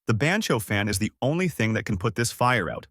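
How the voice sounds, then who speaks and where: A man's voice: fairly low pitch, very animated, brisk, fairly bright tone, dry recording, studio quality. A man voicing a huge, burly, kindly king with a hearty, talkative manner.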